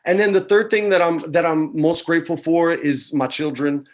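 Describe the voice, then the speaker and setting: A man in his forties from New Mexico, a guest telling stories in a relaxed chat, dropping "man" and "dude" often, on a video call from home. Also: fairly high pitch, normal speed. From New Mexico, USA. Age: 40s. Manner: laid-back, peppers talk with "man" and "dude". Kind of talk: casual storytelling chat.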